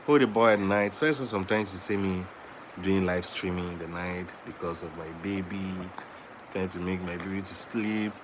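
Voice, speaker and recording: A man records a vlog at home alongside his baby son, alternating slow, laid-back speech with high-pitched cooing, baby talk, and song. Background noise can be heard.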